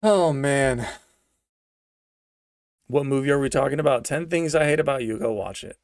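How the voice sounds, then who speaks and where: At a moderate pace and medium pitch, a young man gives a casual, ranting movie review laced with sarcasm and slang, often repeating himself for effect. The studio-quality audio has no echo.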